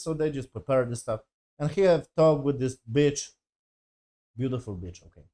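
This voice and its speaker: A man's voice: medium pitch, normal speed, dark tone. A man giving a casual, rambling review of a TV episode, swearing often and sounding exasperated. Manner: profane, exasperated, rambling with many fillers. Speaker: TV show reviewer.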